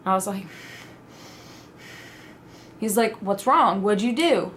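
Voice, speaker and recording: A young adult woman telling a personal story in a casual, animated vlog style, acting out her own quoted reactions. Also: mid-range voice, takes it slowly, slight background noise. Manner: animated, dramatic retelling with quoted asides. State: pregnant (at the time told). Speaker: vlogger.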